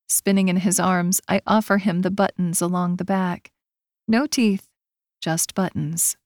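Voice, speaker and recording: A woman's voice: lowish voice, fairly even intonation, measured pace, no room sound. Woman narrating an audiobook, dry sound. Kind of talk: first-person audiobook narration.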